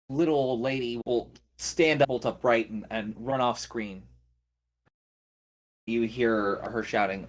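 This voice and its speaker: A man runs a tabletop role-playing game as game master, narrating at an unhurried, slow pace. He describes each scene deliberately, one beat at a time. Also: mid-range voice.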